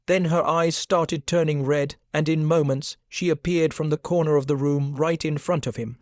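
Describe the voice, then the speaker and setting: A man narrating a scripted supernatural story in a steady, even storytelling manner. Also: fairly high pitch, normal speed, no room sound. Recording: dry close recording.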